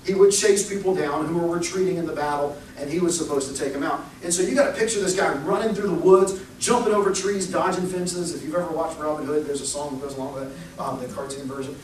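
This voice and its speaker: Young guy preaching, high voice, big echo, sounds far from the mic. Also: fast talker, hardly any pauses, a little hiss or hum. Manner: animated storytelling, acts out quoted voices. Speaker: pastor. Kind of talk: sermon. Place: church sanctuary. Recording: echoey church recorded from far off.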